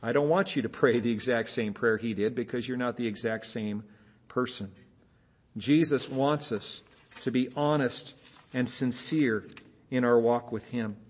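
A man's voice: mid-range voice, measured pace. A man preaching a sermon as a pastor, speaking emphatically and asking his listeners rhetorical questions. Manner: mimics dull repeated phrases in a flat, weary tone.

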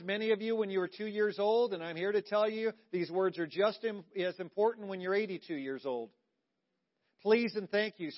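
A male pastor with a fairly high voice preaches with strong emphasis, pressing hard on key words and then falling almost to a hush. The recording is dull and lo-fi, with a muffled top end. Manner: emphatic, swings from loud stresses to hushed, intimate lines. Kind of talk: sermon.

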